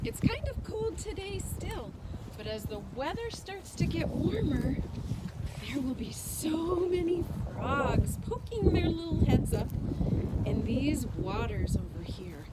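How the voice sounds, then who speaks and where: High, bright, slow-talking woman leading kids. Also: very animated, very noisy. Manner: gentle, sing-song, speaks slowly to small children. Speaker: children's storytime and hike leader. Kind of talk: talking to preschoolers on a nature walk. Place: outdoors on a wooded trail by water.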